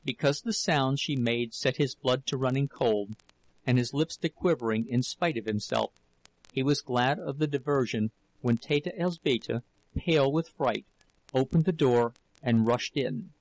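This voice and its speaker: A man narrating a novel in an audiobook with a steady, measured reading. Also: mid-range voice, dry recording, low-quality recording. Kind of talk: scripted narration.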